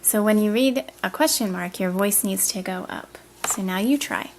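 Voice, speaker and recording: A woman teaching children to read aloud, speaking clearly and patiently and giving encouraging feedback. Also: medium pitch, normal speed, background noise. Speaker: reading teacher. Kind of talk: instructional coaching and voice-over.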